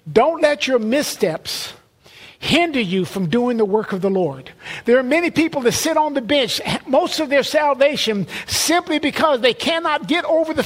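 A man preaching a sermon in a conversational way, often repeating words and restarting phrases. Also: very high voice.

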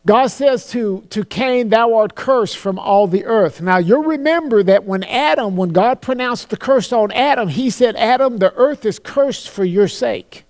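High-voiced man preaching a sermon. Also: a little mellow. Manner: earnest preaching with slowed, solemn scripture quotes; repeats words when starting a phrase.

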